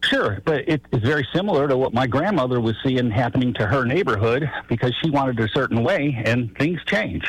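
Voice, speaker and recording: A man's voice: medium pitch, animated, fairly quick, hardly any pauses, slightly rough, rough recording. A man from Chicago calling in to a radio talk show, chatty and folksy, laughing as he tells stories. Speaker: caller.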